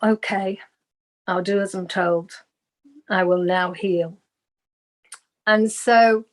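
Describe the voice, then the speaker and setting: A woman, a guest on an interview show, earnestly telling a personal spiritual story and acting out the voices she quotes. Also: medium pitch.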